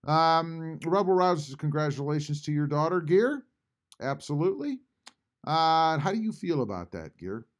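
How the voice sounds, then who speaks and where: A man hosting a casual live stream from home, reading chat messages aloud and answering them with frequent pauses. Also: a little high, very animated. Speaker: YouTube channel host reading live chat. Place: home, at a computer.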